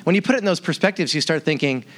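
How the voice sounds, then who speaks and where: Male pastor, 30s, sermon delivery with animated storytelling, a touch high in pitch. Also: racing. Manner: animated storyteller, acts out his own quoted lines.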